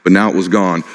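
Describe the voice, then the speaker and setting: Impassioned middle-aged man in a reverberant hall. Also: fairly low pitch. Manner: impassioned, personal, repeating short phrases. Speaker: motivational speaker. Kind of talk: motivational stage talk.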